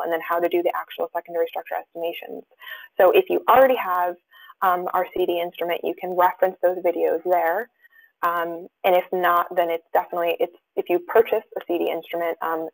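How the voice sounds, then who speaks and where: A woman's voice: on the low side, gravelly, low-quality recording. A woman presenting a webinar, reading out audience questions and answering them, with many fillers and restarts. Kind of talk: live webinar Q&A.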